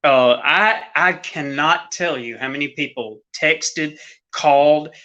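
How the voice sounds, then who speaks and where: A man co-hosting a casual sports chat, earnest and halting, often restarting his sentences. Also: fairly high pitch, bright, forceful tone, dull audio. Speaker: podcast co-host.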